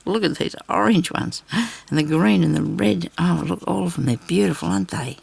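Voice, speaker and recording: A woman's voice: on the low side, normal speed, gravelly, breathy edge. A woman vlogging a crafting demonstration, rambling and chatty as she talks straight to her viewers.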